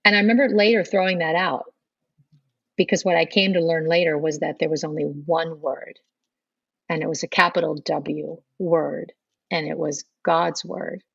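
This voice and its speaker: A woman's voice: deep voice, steady tone, normal speed, gravelly, a bit bright, husky, dry recording, muffled recording. A middle-aged woman, a podcast guest, telling her conversion story in earnest and acting out remembered dialogue. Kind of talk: personal storytelling interview.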